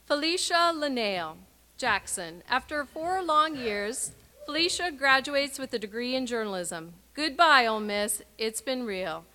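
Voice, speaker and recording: A woman with a bright, forceful voice pitched a little high reads out names and short messages at a graduation ceremony. Her delivery is clear and measured, with emphatic sign-offs. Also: expressive.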